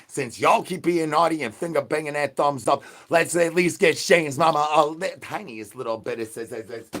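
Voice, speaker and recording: A man hosting a livestream, rambling nonsense and chanting the same catchphrases at his chat, dropping to a mumble and then bursting out louder. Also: medium pitch, moderate pace, few pauses. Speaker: livestream host. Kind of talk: absurd livestream banter.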